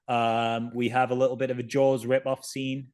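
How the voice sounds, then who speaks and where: This is a man on a relaxed podcast, mocking a low-budget horror film in a wry, dry way. He rambles and restarts his sentences, and his voice sits at an ordinary middle pitch. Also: moderate pace. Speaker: podcast co-host. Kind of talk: casual film review chat.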